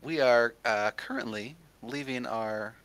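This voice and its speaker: A man's voice: mid-range voice, measured pace, a bit bright, slight background noise. A man voicing a polite, formal medical droid. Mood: calm. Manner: courteous, formal.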